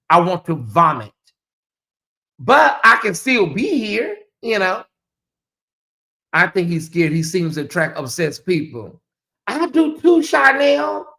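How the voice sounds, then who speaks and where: Blunt, animated livestream gossip host. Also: vocal fry. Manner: animated, blunt and profane, with big swings in pitch. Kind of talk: live gossip commentary.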